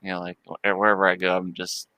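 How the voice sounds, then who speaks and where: Bright, crisp-voiced man telling stories. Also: low-pitched, completely flat delivery, fast talker, no echo, low-quality recording. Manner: rambling, laughs often, lots of "like". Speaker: livestream host. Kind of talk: casual storytelling chat.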